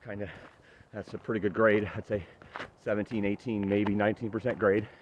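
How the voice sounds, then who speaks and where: A man's voice: fairly low pitch, little pitch movement, fairly quick, a little hiss or hum. Guy vlogging his hike, out of breath, chatty, kinda muffled outdoor audio. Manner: chatty, upbeat, laughs at himself, many "uh" fillers. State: winded from climbing. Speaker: hiking vlogger. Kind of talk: casual vlog narration while hiking. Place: outdoors on a steep forest trail.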